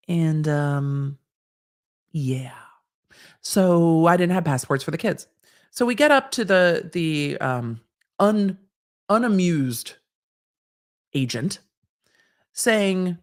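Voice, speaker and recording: Woman host spinning a funny travel story, pitch bouncing all over, casual and a bit sweary. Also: slow, long pauses. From Southern California. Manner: animated, wry, swears casually. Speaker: live stream host.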